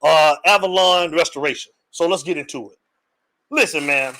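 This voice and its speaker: Brief: male live-stream sports host, high, bright and pumped up, slangy and calling out to his audience. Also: normal speed, rough recording. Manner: energetic hype man, calls out viewers, slangy. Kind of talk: hyped casual live-stream talk.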